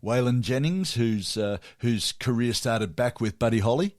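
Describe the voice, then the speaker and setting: A man's voice: mid-range voice, expressive, normal speed. A man hosting a music show, chatting casually and jokily with lots of restarts. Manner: jokey, rambling, many restarts. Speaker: radio music show host. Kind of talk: casual chat.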